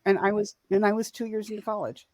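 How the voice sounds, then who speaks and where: In a casual storytelling chat, a podcast co-host in her forties relates a family story, rambling and repeatedly correcting herself. Her medium-pitched voice is level and somewhat dark, quick-paced, with no echo.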